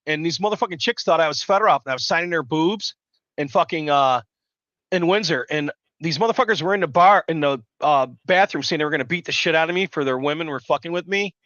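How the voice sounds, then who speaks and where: A man rambles through a live stream, loud and foul-mouthed. His voice is forceful and a bit high, and the sound is dull and dry, like a lo-fi mic. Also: fast talker, no echo. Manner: loud, rambling, swears constantly. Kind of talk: profane casual storytelling chat.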